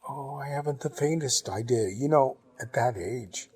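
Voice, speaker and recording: A man voicing a husky, gushing older Englishwoman. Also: mid-range voice, a little mellow, natural voice. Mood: reminiscing. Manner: brisk, upper-class gushing exclamations. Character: genteel older Englishwoman, chatty and fond of the past. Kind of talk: audiobook reading.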